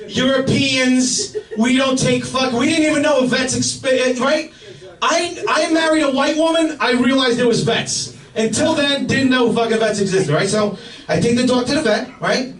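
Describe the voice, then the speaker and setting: A man doing a profane, excitable stand-up comedy set on a club stage, with audience laughter behind him. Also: very high-pitched, measured pace. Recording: roomy live club sound from a distance.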